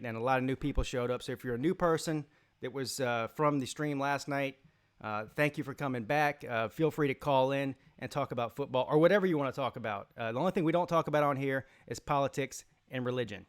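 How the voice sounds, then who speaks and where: A man's voice: mid-range voice, a little fast, clean tone. A tired man hosting a live call-in sports show, talking casually and rambling as he reads out chat names. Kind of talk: casual live-stream talk.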